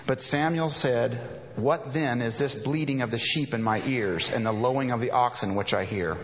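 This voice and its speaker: A pastor preaches a sermon at a moderate pace with few pauses, his voice at medium pitch. He reads scripture aloud and breaks off to explain and paraphrase it. The recording is dull and lo-fi, made in a reverberant hall.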